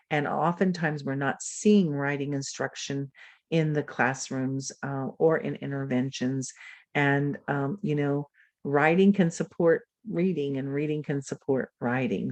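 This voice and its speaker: A woman's voice: very deep voice, dry recording. A woman giving a teacher-training webinar over a video call, explaining lessons in a teacherly way and often checking in with "right?". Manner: warm teacherly, frequent "right?" check-ins. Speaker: presenter. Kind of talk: webinar lecture. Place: home or office, recorded over video call.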